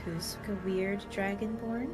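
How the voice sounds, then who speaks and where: A woman playing a tabletop game, with short expressive interjections. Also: medium pitch, unhurried, loud music behind the voice. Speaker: player. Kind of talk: casual tabletop chat.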